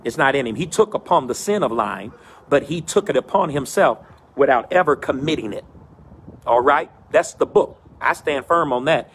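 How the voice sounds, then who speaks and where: A man's voice: medium pitch, lively intonation, normal speed, a bit bright. A middle-aged man preaching a sermon as pastor, in a rhythmic, repetitive cadence, outdoors in the wind.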